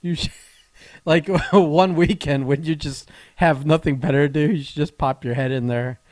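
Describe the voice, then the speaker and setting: A man's voice: a little high, steady tone, moderate pace, no room sound. Teasing, laughing man with a raised voice. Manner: laughs often, teasing, swears casually. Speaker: podcast co-host. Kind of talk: casual chat.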